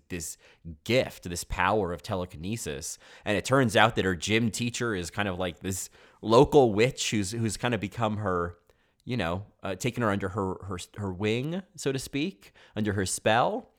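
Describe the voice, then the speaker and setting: Man, podcast host, casual film chat, rambling, lowish voice, lively swinging pitch. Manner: animated, rambling, tangents and self-interruptions.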